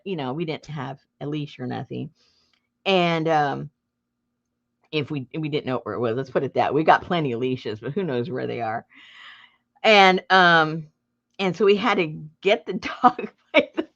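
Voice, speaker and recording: A middle-aged woman with a low, gravelly voice tells a story to her viewers in a casual way. Her pitch swings widely as she acts out the scenes, with bursts of laughter and shouting. The recording is dull and lo-fi. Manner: animated, breaks into laughter and loud acted outbursts. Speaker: junk journal crafter and channel host.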